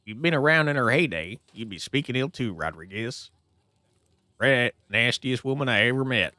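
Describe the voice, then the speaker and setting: A bitter male coal miner at a diner booth in a horror visual novel, played by a man. He speaks slowly in a gruff, lowered voice, full of spite for the dead. His tone swings widely between mutters and angry bursts. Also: very animated, sharp tone, dry recording, full character voice. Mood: spiteful.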